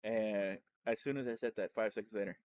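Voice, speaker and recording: A man, a streamer and podcast host, telling his story in a loose, rambling way, full of restarts and self-corrections, and getting animated when he retells exciting moments. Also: lowish voice, a little fast, smooth. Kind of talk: casual personal storytelling.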